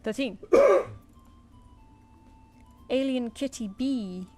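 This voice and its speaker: Woman, fairly high voice, casual artist streamer, mumbles as she works over soft music. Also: sing-song, extremely slow. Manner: chatty, mutters and counts under her breath. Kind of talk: casual live-stream chat while drawing.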